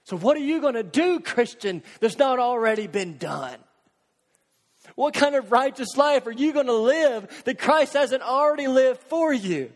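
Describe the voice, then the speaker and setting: A man preaching a sermon, earnest, posing rhetorical questions and dropping into hushed intensity. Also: very high voice, expressive, a little slow. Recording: long hall reverb.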